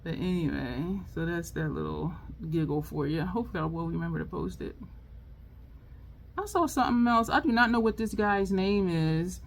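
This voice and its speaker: A woman's voice: normal speed, vocal fry. Chatty woman vlogger laughing through a story. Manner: chatty, laughing storyteller, lively swings in pitch. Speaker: beauty vlogger. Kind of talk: casual chat while doing makeup. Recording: faint background noise.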